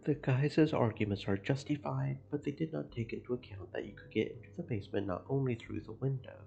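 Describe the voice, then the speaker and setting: A man streaming a game, reading its narration and chatting about it in an even, gravelly voice. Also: mid-range voice, brisk, a little hiss or hum. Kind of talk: narrating a visual novel with commentary. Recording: muffled lo-fi stream audio.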